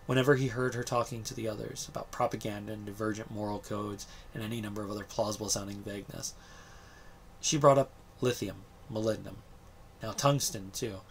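Gravelly man reading a story. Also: lowish voice, fairly even intonation, brisk, a little hiss or hum. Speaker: story reader. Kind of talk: reading a short story aloud.

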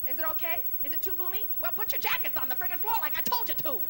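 This singer-comedian, a woman in her forties, races through bawdy stand-up jokes at a concert, brassy and teasing. Her pitch is extremely high and very expressive. Noise fills the background of the large concert hall stage.

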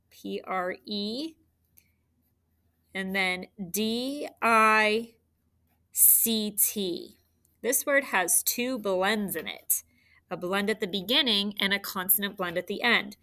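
A woman teacher giving a recorded phonics lesson to third graders, speaking clearly and encouragingly. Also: mid-range voice, pushed and bright.

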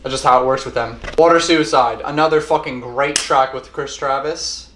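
A young man talks through an album track by track, rambling and repeating himself. He swears constantly in a casual, unscripted way. His voice sits at an ordinary pitch and carries a noticeable room echo. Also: steady tone, moderate pace, fairly bright tone, slight background noise. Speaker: album reviewer. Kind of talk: casual music review monologue. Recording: roomy echo.

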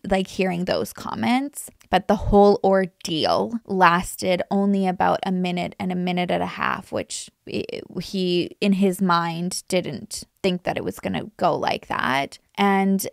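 A woman hosts a casual true crime commentary, rambling with many restarts. Her voice has a gravelly vocal fry, and the recording is dry and close. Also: on the low side, steady tone, unhurried, few pauses, dry recording. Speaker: true crime YouTuber host.

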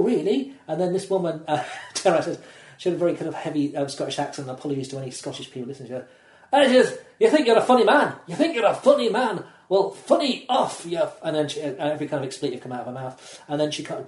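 A man's voice: medium pitch, darkish tone. A man, a stand-up comedian, chatting casually on a podcast and telling rambling anecdotes, acting out the voices of the people in them. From England. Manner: rambling storyteller, acts out voices in quotes. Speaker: comedian guest. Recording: roomy echo.

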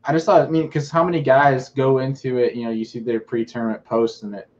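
A man co-hosting a podcast in casual chat, excitably retelling stories. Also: mid-range voice, fast talker, muffled recording. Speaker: podcast co-host.

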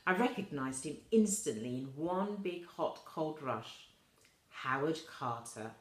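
A woman with a low voice reads a children's story aloud at an unhurried, gentle pace. Her voice rings in an echoey room. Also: lively intonation. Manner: slow, soft reading with quoted voices lifted higher. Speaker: reader of a children's novel. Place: school room.

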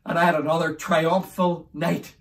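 A man's voice: on the high side, little pitch movement, normal speed. A man hosting a faith podcast, telling a personal story in an earnest way and speaking to listeners as folks. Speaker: podcast host.

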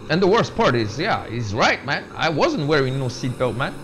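With game engine noise in the background, this young streamer chats casually with his viewers mid-game, reading their messages out and constantly saying "man" and "bro." His medium-pitched, fairly bright voice swings widely at a normal speed.

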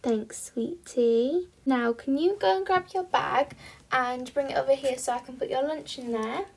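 A woman voicing a caring mother in a toy role-play, gentle and coaxing. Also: sits high, normal speed, gravelly, breathy edge. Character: caring mother hurrying her daughter.

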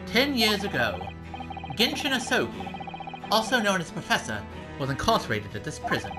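A man's voice: high-pitched, wildly swooping pitch, normal speed, voice pushed up. A man voicing a polite, earnest young female assistant in a game, over game music.

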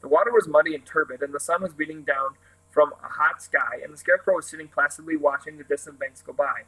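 Male storybook reader, somewhat high voice, steady plain narration. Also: fast talker, slightly rough, low-quality recording. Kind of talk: reading a children's book aloud.

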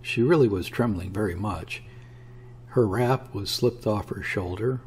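A man narrates a classic story in a low, husky voice. His reading is steady and measured, like an audiobook.

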